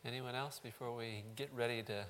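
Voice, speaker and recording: A man, a pastor, speaking haltingly to his congregation and leading a prayer. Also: mid-range voice, steady tone, a bit bright. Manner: halting, with frequent ums. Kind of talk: church service address and prayer.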